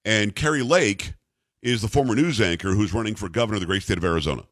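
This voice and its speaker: A man's voice: fairly low pitch, fast talker, a bit bright, no room sound, clean studio sound. A middle-aged man hosting a radio talk show, rambling and teasing his co-hosts. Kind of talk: casual talk radio banter. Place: radio studio.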